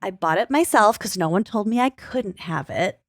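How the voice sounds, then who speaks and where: A woman co-hosting a podcast in casual, joking chat, quick to laugh. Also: mid-range voice, lively intonation, no room sound. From Minnesota. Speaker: podcast co-host.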